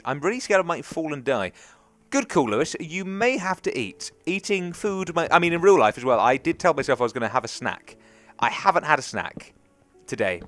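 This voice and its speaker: A man's voice: medium pitch, fairly bright tone. Chatty young English man narrating gameplay. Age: young adult. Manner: chatty, rambling, self-talking. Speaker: gaming commentator. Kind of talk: casual let's play commentary.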